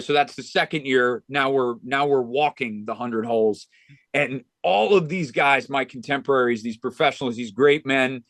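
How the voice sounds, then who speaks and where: A man's voice: medium pitch, dry recording. Earnest man telling a heartfelt story. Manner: earnest, with frequent restarts and "you know". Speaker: golf club director of instruction, podcast guest.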